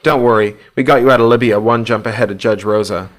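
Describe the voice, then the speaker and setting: A man's voice: medium pitch, fairly even intonation, fast, close to an everyday voice. A man voicing a smug prankster friend who teases in a chummy, mocking way.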